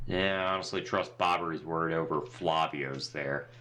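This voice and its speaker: A man's voice: a bass voice, steady tone, normal speed, pushed and bright. A man giving sarcastic, profane, rambling commentary while playing a video game. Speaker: gaming channel host. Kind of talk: let's play commentary. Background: faint game music.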